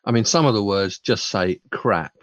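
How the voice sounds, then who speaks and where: A man's voice: on the low side, normal speed, dull audio, background noise. A man hosting a radio show, chatting casually and giving blunt, dismissive reviews with plenty of ums and restarts. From England.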